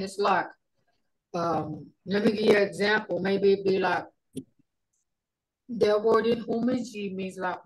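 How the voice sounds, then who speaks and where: A middle-aged woman leads a casual language class over a video call. She talks slowly and in a folksy way, pausing often to think aloud. Her pitch sits in an ordinary middle range. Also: darkish tone, rough recording. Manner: unhurried, folksy, thinks aloud with many fillers. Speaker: language teacher.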